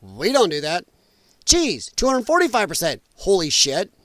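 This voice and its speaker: A high-pitched man rants through a political stream in a dry, close recording. He is profane and sarcastic, and he mocks the people he argues with in whiny put-on voices. The tone stays combative throughout. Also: huge pitch swings, normal speed, a bit bright, dry recording. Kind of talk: casual ranting commentary.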